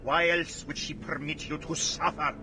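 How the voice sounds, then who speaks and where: An actor playing a menacing male torturer in a video game, speaking slowly and tauntingly in a put-on German accent. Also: a little high, steady tone, close to an everyday voice. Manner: slow, taunting, sneering. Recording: game audio with clear background noise.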